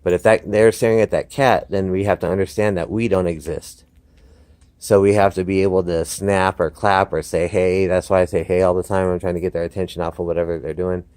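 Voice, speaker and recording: A man's voice: low voice, fairly even intonation, a little fast, a little mellow, clean tone. A man talking casually to camera outdoors about training his dog, explaining at length with frequent restarts. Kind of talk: casual instructional talk to camera. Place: outdoors, by a fenced yard.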